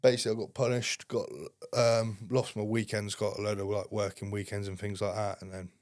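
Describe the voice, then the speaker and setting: Low-ish guy telling a story, blunt, swears constantly, dry close sound. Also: level tone, fairly quick, a little mellow, no room sound. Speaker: podcast guest. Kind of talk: casual storytelling.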